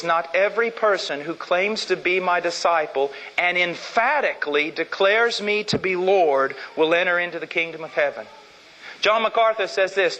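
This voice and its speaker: A middle-aged man preaching a sermon in a church, emphatic, swinging from loud declarations to hushed, intense passages. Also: sits high. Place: church sanctuary. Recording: long church reverb.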